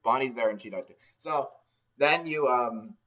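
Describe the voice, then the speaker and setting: A man's voice: medium pitch, normal speed, sharp tone. A man giving a rambling, sarcastic comedic game recap, swearing often, recorded on a dull, lo-fi mic. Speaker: game ranter.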